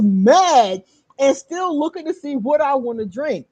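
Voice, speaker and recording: A woman hosting her own channel, casually telling a story straight to her viewers, animated, laughing often and swearing freely. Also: high-pitched, normal speed, dry recording. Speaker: channel host.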